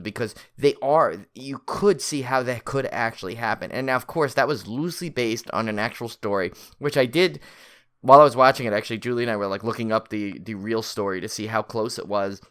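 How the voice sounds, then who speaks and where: A man's voice: medium pitch, a bit bright, smooth. A man co-hosting a horror film podcast, chatting casually and rambling with many fillers and restarts. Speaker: podcast co-host. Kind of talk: casual chat.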